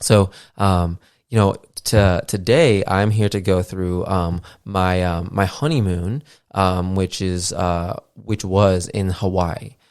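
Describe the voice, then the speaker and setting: A man's voice: low-pitched, fairly even intonation, slow pace, darkish tone, smooth, no room sound, studio quality. A man in his thirties hosting a podcast, chatting loosely with lots of fillers and casual swearing. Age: 30s. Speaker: podcast host. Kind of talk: casual rambling monologue. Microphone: podcast mixer setup.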